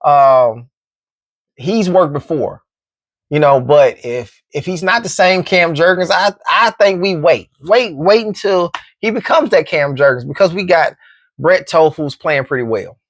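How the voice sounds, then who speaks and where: A man's voice: a little high, animated, unhurried, fairly bright tone, dry recording, studio quality. A man hosting a casual football commentary show, laid-back and joking. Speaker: sports commentary host.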